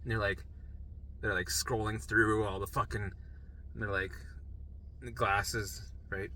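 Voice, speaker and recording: Man, very bright tense voice, profane animated storyteller. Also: on the low side, slow, pauses often, slight background noise, poor audio. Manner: profane, animated, frantic retelling. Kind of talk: personal storytelling monologue.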